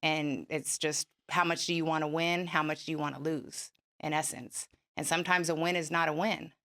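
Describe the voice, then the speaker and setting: A woman co-hosting a couples podcast, talking in a measured, reflective, analytical way. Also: low voice, flat delivery, a bit bright. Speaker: podcast co-host. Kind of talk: casual couple's podcast chat.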